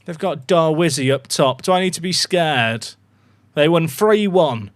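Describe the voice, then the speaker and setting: Excitable man streaming a football game. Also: fairly high pitch, a little slow. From England. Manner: excitable, chatty, swears casually. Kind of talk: live gaming commentary.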